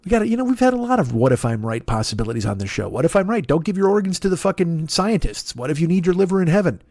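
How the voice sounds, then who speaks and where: A man in his forties hosting a solo comedy podcast, ranting in a profane, animated monologue and laughing at his own jokes. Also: a little high, racing, no echo, clean studio sound. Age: 40s. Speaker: podcast host.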